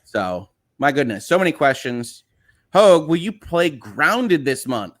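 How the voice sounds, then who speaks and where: A man's voice: fairly high pitch, very animated, a little slow. A man with a slightly nasal Chicago accent, hosting a casual livestream, reading viewer messages aloud and rambling along with lots of "uh" fillers and restarts. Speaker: livestream host.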